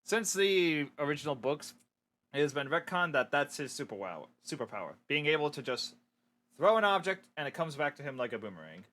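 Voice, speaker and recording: A man's voice: fairly high pitch, very animated, fairly quick, pushed and bright, slight background noise. A man reading his own storybook aloud on a stream, with chatty, joking asides to viewers.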